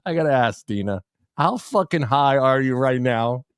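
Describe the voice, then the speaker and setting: A man's voice: medium pitch, lively intonation, normal speed, clean tone, no room sound, clean studio sound. Rambling, foul-mouthed male show host. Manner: rambling, profane, laughs often. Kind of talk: casual chat.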